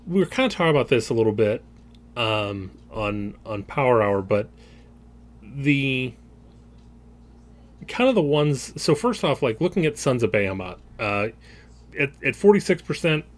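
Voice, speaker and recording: A man's voice: mid-range voice, sing-song, moderate pace, long pauses. A man hosting a podcast in casual chat, rambling through his points and laughing often. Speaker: podcast host.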